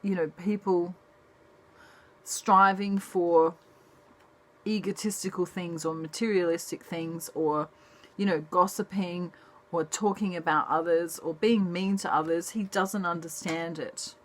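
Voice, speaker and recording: A woman talks through a casual tarot reading in a soft, chatty manner. Her voice sits a little low, and she takes her time with each thought, speaking slowly. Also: steady tone. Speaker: tarot reader.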